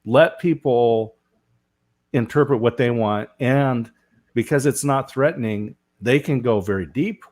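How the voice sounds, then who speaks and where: A man's voice: mid-range voice, a little slow, a little mellow. A man hosting a live panel talk show, telling stories and often asking "right?". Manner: storytelling, asks rhetorical "right?". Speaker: show host.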